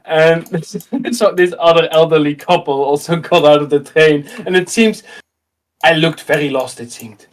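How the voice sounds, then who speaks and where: High-voiced Dutch man telling a story. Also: normal speed. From Netherlands. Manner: animated, acts out dialogue, laughs often. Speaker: host. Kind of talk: casual storytelling chat.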